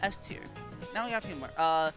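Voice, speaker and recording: Playful teen with lively pitch over music. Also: quick pace. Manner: mock-confident and playful, with a formal sign-off. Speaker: student presenting a school video project. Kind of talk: tongue-in-cheek ranking commentary for a class video. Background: background music.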